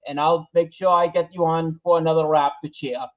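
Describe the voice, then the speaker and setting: A man's voice: a little high, little pitch movement, fairly quick, lo-fi sound. A man with a Rhode Island accent calling in, speaking in jolly, sing-song rhymes. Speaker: show regular, caller. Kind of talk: casual chat with rhyming lines. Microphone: phone call.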